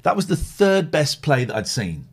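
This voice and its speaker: Husky, lively man telling stories. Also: a little high, moderate pace. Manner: rambling, lively, mimics others. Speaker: podcast host. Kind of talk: animated storytelling chat.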